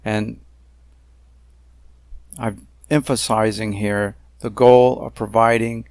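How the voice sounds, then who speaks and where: A man narrating a slideshow about a dispute, talking in a deliberate, emphatic way with frequent pauses and fillers. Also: fairly low pitch, little pitch movement, a little mellow, clean tone, no room sound. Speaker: narrator of a self-made video complaint series.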